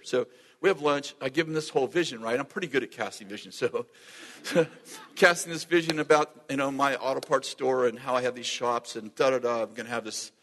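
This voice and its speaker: Animated pastor telling a story in a hall. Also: male voice, medium pitch. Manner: animated storyteller acting out dialogue, laughing often. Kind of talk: storytelling sermon. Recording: long hall reverb.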